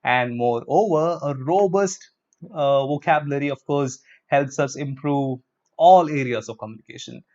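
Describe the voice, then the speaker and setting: A male teacher, giving a live vocabulary lesson and drawing out words slowly to drill their pronunciation. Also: mid-range voice, darkish tone. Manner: drills pronunciation with slow, drawn-out repetitions. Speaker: English teacher. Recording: dull lo-fi stream audio.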